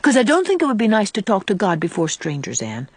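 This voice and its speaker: A woman's voice: medium pitch, huge pitch swings, fast, husky, dry recording. A woman reading aloud, voicing a sulky, defiant eight-year-old farm boy who talks bluntly. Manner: whiny, blunt country talk.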